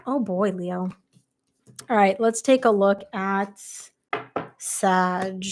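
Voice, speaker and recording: A woman doing a live tarot reading, chatty and excitable, her voice going hoarse from a long day of readings. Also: mid-range voice, drawn-out words, slight background noise. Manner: chatty, excitable, quotes people aloud. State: losing her voice. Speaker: tarot reader.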